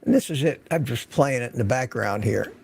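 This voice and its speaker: Gravelly older man hosting a livestream. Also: medium pitch, animated, fairly quick, darkish tone. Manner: rambling, chatty, greets viewers by name. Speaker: livestream host. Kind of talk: casual livestream chat. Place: home studio.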